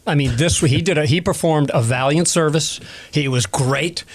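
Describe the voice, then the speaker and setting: Slightly high-voiced man, guest expert, rambling and self-correcting. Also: moderate pace. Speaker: guest historian. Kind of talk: casual expert Q&A.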